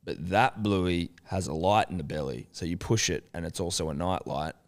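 Aussie podcast guy, 30s, smooth voice, chatty storyteller, swears a lot. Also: deep voice, moderate pace. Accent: Australian. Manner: lively storyteller, swears freely, acts out quotes. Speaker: podcast co-host. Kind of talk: casual chat.

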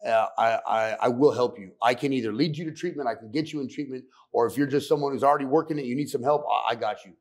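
Man, middle-aged, rapid-fire speech, blunt and swearing, podcast guest. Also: mid-range voice. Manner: blunt, profane, fast and intense. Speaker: guest sharing recovery story. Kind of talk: candid podcast storytelling.

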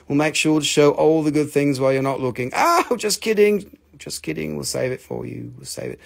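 Here a man with a slightly high, creaky voice talks a little fast, his pitch swinging widely. Running a live crystal sale stream, he rambles and jokes in a relaxed selling chat, cursing openly and teasing himself.

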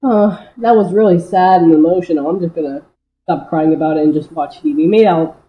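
A young creator narrating and voicing a homemade cartoon, rambling and hesitant, full of fillers. The voice sits at a middle pitch and echoes in a roomy space. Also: brisk, muffled recording. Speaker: creator voicing all characters. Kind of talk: amateur cartoon voice-over.

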